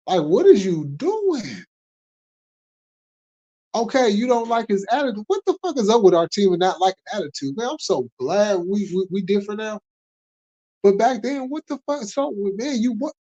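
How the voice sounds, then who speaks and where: A man in a heated, profane sports rant who laughs between complaints. His voice sits a little high and sounds warm and mellow. The recording is dull and lo-fi. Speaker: host. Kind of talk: casual livestream sports talk.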